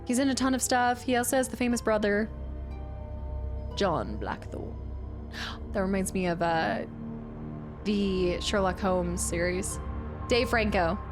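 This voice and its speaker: A woman's voice: mid-range voice, normal speed. A woman streaming a video game, chatting playfully and silly with her viewers while she plays. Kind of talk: casual live-stream commentary. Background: game music.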